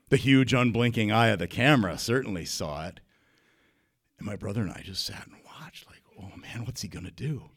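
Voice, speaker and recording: A man from Minnesota telling a comic story in a lively, animated way. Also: lowish voice. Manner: lively, animated telling with big swings in loudness.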